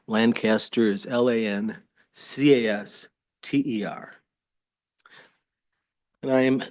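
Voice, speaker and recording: A man speaking as an attorney at a public board hearing, hesitant and halting, often restarting his sentences. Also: mid-range voice, no room sound. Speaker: attorney addressing a state board. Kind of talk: formal testimony at a public meeting. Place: government hearing room.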